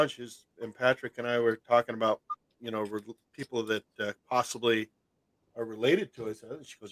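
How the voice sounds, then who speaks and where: Host, male, easygoing call chat, dry close sound, quick jokes and frequent laughter. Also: mid-range voice, a bit bright, no room sound. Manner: joking, laughs often. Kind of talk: casual video call chat. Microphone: video call.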